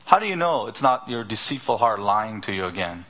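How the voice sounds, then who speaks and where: A man's voice: lowish voice, very animated, brisk, sharp tone. A man preaching a sermon as a pastor, pressing his listeners with rhetorical questions one after another. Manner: rhetorical repeated questions, emphatic.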